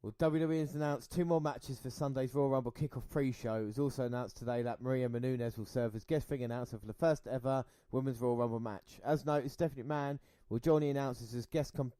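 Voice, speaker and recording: A man co-hosting a casual podcast, chatting and reading news and listener shout-outs. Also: medium pitch, fairly even intonation, quick pace, hardly any pauses, no room sound. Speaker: podcast co-host.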